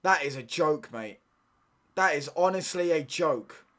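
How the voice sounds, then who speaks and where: A man's voice: a little high, animated, measured pace, a bit bright. A man, ranting in heavy slang and repeating himself as he hosts a live football watchalong stream.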